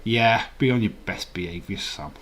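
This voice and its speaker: A man hosts a casual live stream, rambling, chuckling, and making chatty asides as he reads the chat. His voice is fairly low and fairly bright, at normal speed, with a little hiss or hum in the recording.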